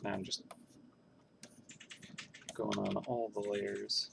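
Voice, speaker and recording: Very gravelly, low-voiced man musing. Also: level tone, slow pace, noisy background. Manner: musing, self-questioning, lightly wry. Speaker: game artist streaming his work. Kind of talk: thinking aloud while drawing on a livestream.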